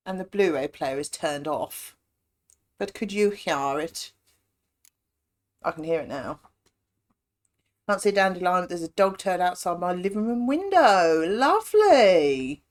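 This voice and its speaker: A woman chatting her way through a game stream. She rambles through everyday news with self-mocking asides, her voice sitting a little low for a woman. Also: lively intonation, unhurried, pauses often. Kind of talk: casual chat while gaming.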